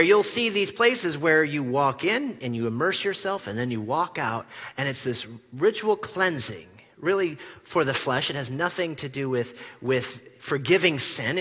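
A man preaching a sermon in a church, animated, acting out the quoted lines with big swings from loud to hushed. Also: a little high, breathy edge, long reverb tail. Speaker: pastor. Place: church sanctuary.

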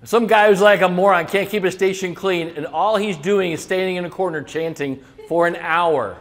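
Here a middle-aged restaurant consultant entertains an audience with kitchen tales, dropping swear words casually and mimicking chefs and cooks. His voice is high-pitched, his pace moderate, and he barely pauses.

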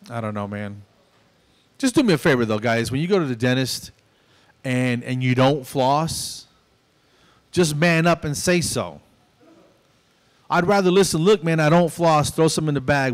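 On a small club stage, a fifties-aged comedian works through his routine, telling stories and acting out both parties in every exchange. His voice is mid-range.

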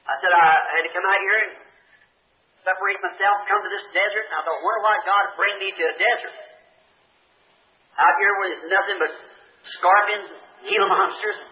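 A high-voiced man, preaching with a folksy, storytelling manner. The sermon comes off a thin, phone-like old tape that also sounds roomy and echoing. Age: 50s. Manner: folksy storytelling, earnest pleading prayer.

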